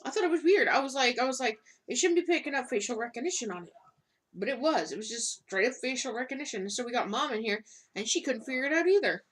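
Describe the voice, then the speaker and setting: A young woman co-hosting a casual vlog, telling a story in a chatty, animated way. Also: high-pitched, quick pace, husky. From United States. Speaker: co-host.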